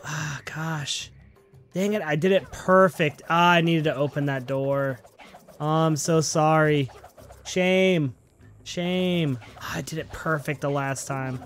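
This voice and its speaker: A man with a slightly high voice chats through a video game playthrough, upbeat and playful as he talks straight to his viewers. Faint game music runs behind him. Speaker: gaming channel host. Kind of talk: casual let's-play commentary.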